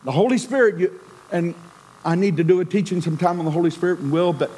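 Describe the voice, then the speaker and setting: A middle-aged man preaching a sermon as a pastor, swinging from loud emphasis to a near-whisper. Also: high voice, fast, rough recording.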